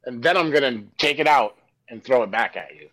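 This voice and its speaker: A man's voice: mid-range voice, animated, fairly quick, a bit bright. A man co-hosting a podcast, joking and teasing his friends in casual banter. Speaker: podcast co-host. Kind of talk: casual chat.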